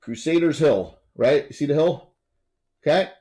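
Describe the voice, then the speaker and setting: A man running a tabletop game as game master, explaining in a relaxed way with many fillers. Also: on the high side, moderate pace.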